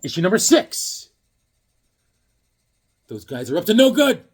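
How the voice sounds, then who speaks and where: A man's voice: high-pitched, very animated, measured pace, husky. A man chatting casually while showing comics, telling dad jokes and rambling stories. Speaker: comic collector.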